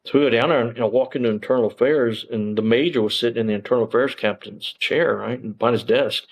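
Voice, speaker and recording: Fast-talking older man. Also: mid-range voice, low-quality recording. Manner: rambling, with frequent restarts and fillers. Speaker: interview guest, former police officer. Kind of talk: casual storytelling interview.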